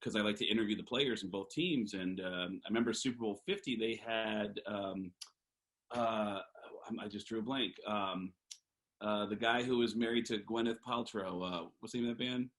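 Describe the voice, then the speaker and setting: A man's voice: on the low side, normal speed. A man, a stand-up comedian, telling a story as a podcast guest in casual chat. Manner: animated storyteller, slips into impressions.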